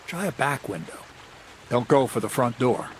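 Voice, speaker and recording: A man's voice: medium pitch, expressive, normal speed, a little hiss or hum, natural voice. A man playing a sly, mocking thief mentor. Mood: instructive. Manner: wry, mocking, conspiratorial. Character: sly scheming male thief mentor, older. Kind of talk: studio video game dialogue.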